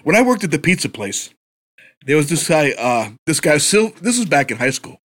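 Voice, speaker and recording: A man co-hosting a casual podcast, telling stories with animated delivery and plenty of swearing. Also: on the high side, normal speed. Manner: animated storyteller, swears freely. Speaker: podcast co-host. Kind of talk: casual chat, storytelling.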